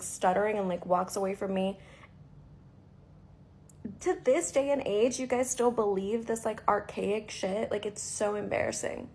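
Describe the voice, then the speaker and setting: A woman's voice: mid-range voice, a little mellow. A woman from Hyderabad telling a story in a casual, exasperated rant, full of "like" fillers. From Hyderabad, India. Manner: exasperated, talks with lots of "like" fillers.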